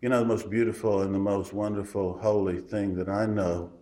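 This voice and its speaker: A man preaching a sermon in a folksy, emphatic way, swinging from loud declarations to hushed asides. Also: on the low side, little pitch movement, fairly quick. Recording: roomy echo.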